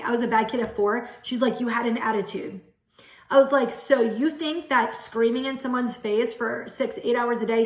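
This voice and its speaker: Young woman tarot reader talking straight to camera, swears a lot, higher voice, kinda echoey room. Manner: candid, frequent swearing, earnest. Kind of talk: casual spiritual talk to viewers.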